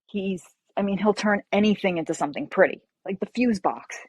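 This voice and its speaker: A woman novelist as an interview guest, telling animated stories and acting out quotes. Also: medium pitch, a little fast, husky, no echo. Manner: animated storyteller, acts out quotes. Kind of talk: casual interview chat.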